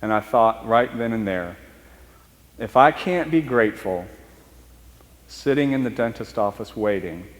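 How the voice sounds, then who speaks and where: A man preaching a storytelling sermon, talking in a conversational, halting way and slowing down for emphasis. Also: fairly low pitch, long reverb tail. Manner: conversational, halting restarts, speeds up and slows for emphasis. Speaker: priest. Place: church.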